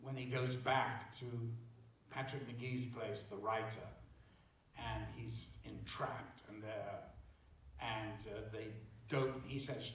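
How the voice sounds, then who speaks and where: A man in his seventies telling amused, unhurried anecdotes as a guest at a theater Q&A. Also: lowish voice, steady tone, a bit bright. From England. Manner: slow, amused storytelling. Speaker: guest actor. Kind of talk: stage Q&A anecdote. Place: theater auditorium. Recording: distant mic in echoey hall.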